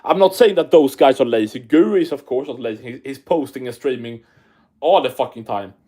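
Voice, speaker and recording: A man's voice: mid-range voice, a little fast, warm tone. A Swedish man with a Swedish English accent, chatting casually and profanely on an MMA livestream while reading chat aloud. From Sweden.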